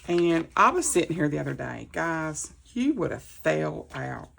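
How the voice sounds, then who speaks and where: Low, gravelly-voiced woman crafter. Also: sing-song, measured pace, a bit bright. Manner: rambling, chatty, talks through each step. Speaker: craft vlogger. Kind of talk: casual chat while crafting. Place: her home office.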